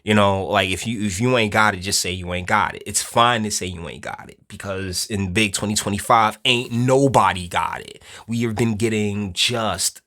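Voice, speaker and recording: A man's voice: fairly low pitch, normal speed, hardly any pauses, sharp tone. A man giving a casual opinion rant to viewers, blunt and preachy with plenty of slang. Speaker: online commentator.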